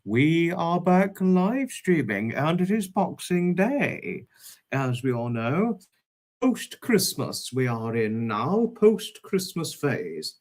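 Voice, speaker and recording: A man hosting a casual livestream, greeting viewers by name with fond, repeated hellos in a drawn-out way. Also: fairly high pitch, big pitch swings, darkish tone. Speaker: livestream host.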